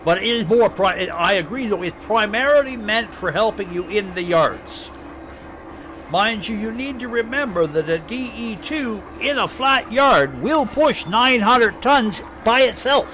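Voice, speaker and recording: A man's voice: high-pitched, lively intonation, unhurried, pushed and bright, a little hiss or hum. A man from Canada with an Ottawa Valley accent, rambling and chatting casually as he streams live gameplay commentary. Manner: rambling, chatty, thinking aloud.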